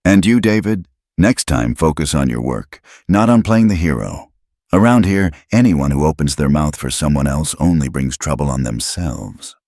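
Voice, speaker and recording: A man's voice: very deep voice, lively intonation, normal speed, a little mellow, no room sound, studio quality, heavily acted. A man voicing a harsh male store manager who snaps and growls at his staff. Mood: threatening. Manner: snapping, growling.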